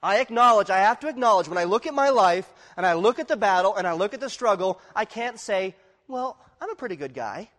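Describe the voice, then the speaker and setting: A man preaching a sermon, shifting from quiet, confessional passages to loud, emphatic ones and acting out the voices of inner struggle. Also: high-pitched, fast talker, hardly any pauses, big-room sound. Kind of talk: expository sermon.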